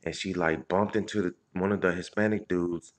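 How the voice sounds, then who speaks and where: Very deep-voiced man telling a loose story. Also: fairly even intonation, moderate pace. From Indianapolis, Indiana. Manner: loose, profane street storytelling with many restarts and shout-outs. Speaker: comedian livestream host. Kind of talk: casual storytelling on a live stream.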